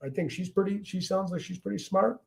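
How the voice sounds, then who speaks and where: A man's voice: sits high, steady tone, fairly quick, gravelly. Chatty Chicago man answering chat. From Chicago area, USA. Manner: chatty, answers viewer comments, frequent restarts. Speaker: livestream host. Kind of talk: casual livestream chat.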